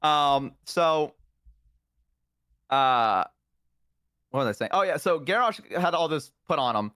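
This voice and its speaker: A man's voice: on the high side, lively intonation, slow, bright, forceful tone, clean tone, dry recording. A man chatting casually on a live stream, rambling with many ums and uhs into a close microphone. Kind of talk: casual chat.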